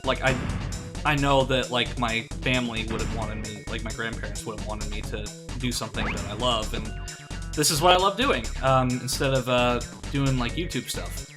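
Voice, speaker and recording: A man's voice: medium pitch, moderate pace. A young man with a Midwestern accent, chatting casually while streaming a video game, filling his talk with lots of "like" and "uh". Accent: American Midwestern. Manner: rambling, many fillers like "like" and "uh". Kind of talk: casual live-stream chat. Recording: game music behind the voice.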